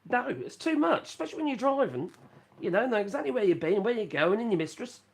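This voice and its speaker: A man's voice: high voice, sing-song, fast, vocal fry. Rambling Norfolk man chatting live. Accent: Norfolk English. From England (Norfolk). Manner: rambling, chatty, self-mocking, reads chat aloud. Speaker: live-stream host. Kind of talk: casual live-stream chat. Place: rural home in France.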